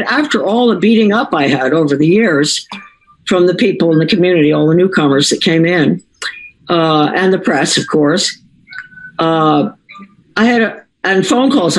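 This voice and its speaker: A woman's voice: on the low side, rough recording. Older woman, ex-school board member, digressive storyteller who keeps correcting herself. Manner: rambling, digressive, self-correcting. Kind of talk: anecdotal personal storytelling.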